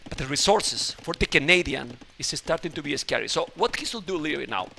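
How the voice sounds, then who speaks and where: Excitable high-voiced male esports caster. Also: a little fast, gravelly, a little hiss or hum. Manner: excitable, exclaims loudly at big moments. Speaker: esports commentator. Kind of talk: live game commentary.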